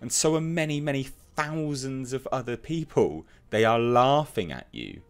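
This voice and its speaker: A man's voice: mid-range voice, lively intonation, normal speed, smooth, faint music behind. A man giving opinionated commentary, reading out online comments and mocking them with emphatic scorn. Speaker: commentary youtuber.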